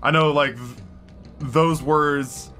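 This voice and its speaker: A man's voice: on the high side, fairly even intonation, slow, pushed and bright, faint music behind. An American man streaming, chatting casually with his viewers in a rambling way, often stopping and restarting his sentences. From United States. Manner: rambling, self-interrupting with many restarts.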